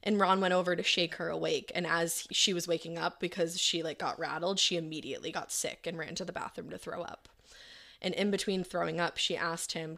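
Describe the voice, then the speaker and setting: A woman's voice: on the low side, fairly even intonation, fairly quick, gravelly, a bit bright. A woman co-hosting a podcast, telling a true crime story in a casual, chatty way and quoting people in her own voice. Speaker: podcast co-host telling the case.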